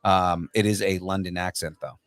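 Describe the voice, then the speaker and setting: Low-voiced guy on a nerd podcast, rambling, lots of ums, dry close mic. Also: fairly even intonation, dry recording, soft background music. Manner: rambling, halting, lots of fillers. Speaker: podcast co-host. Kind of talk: casual pop culture chat.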